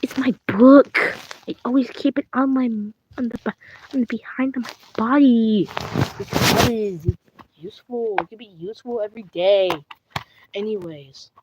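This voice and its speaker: A woman's voice: on the high side, moderate pace, lo-fi sound, noisy background. A young woman with a British accent voices two plush toys in a playful skit at home, bickering with herself and stumbling over her words. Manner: bickering back and forth between two characters in one voice; stumbling, restarting and rambling. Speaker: puppeteer voicing plush toys.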